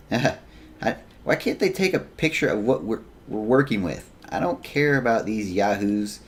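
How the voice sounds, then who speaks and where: A man's voice: fairly low pitch, lively intonation, measured pace. A man giving joking let's play commentary, reading game text aloud with self-mocking asides. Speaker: gaming YouTuber.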